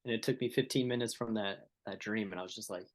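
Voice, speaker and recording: A man's voice: on the low side, quick pace. Laid-back man telling a story. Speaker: podcast guest. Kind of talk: casual chat.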